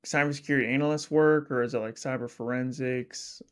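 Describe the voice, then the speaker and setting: An upbeat man hosts a relaxed interview, talking in a chatty, friendly way with a lot of "like" fillers. His voice sits at an everyday middle pitch. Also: brisk. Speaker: podcast host. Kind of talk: casual interview chat.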